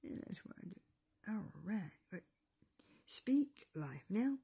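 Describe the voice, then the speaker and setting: A woman hosting a devotional video who reads Bible verses and prays, repeating encouragements and often dropping into soft whispers. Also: mid-range voice, very animated, takes it slowly, gravelly, pauses often, breathy edge. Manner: repetitive, slips into soft whispers; exhorting, encouraging listeners. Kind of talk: Bible reading and prayer.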